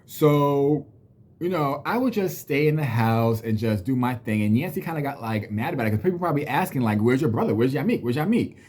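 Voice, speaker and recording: Speaking a little fast in a darkish, medium-pitched voice with lively intonation, this thirties-aged vlogger vents about something that happened to him. It's a blunt, profane storytelling rant to the camera, punctuated by mocking impressions of what others said.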